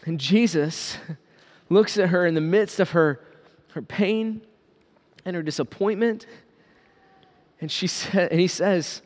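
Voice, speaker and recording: A man with a high voice preaching an earnest sermon. He leans on repeated phrases for emphasis. His words ring out with a long reverb, as in a large hall. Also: a little slow, pauses often. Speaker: pastor.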